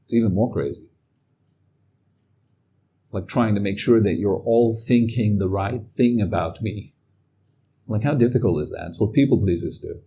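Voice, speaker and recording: A man giving a calm, reflective talk as a meditation teacher. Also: on the low side, moderate pace, long pauses, a little hiss or hum. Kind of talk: dharma talk.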